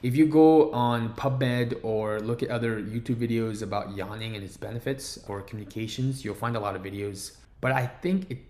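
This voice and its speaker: A man's voice: mid-range voice, steady tone, normal speed, hardly any pauses, mellow, a little hiss or hum. A man giving a casual video lesson on improving the voice, talking loosely with many fillers and restarts from a room at home. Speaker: voice coach. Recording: roomy echo.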